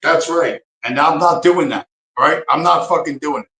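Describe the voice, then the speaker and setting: A man's voice: a little high, moderate pace, pushed and bright, echoey room, rough recording. A man hosting a livestream, ranting angrily with heavy profanity and repeating his phrases for emphasis. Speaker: livestream host. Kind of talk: angry profane rant on a livestream.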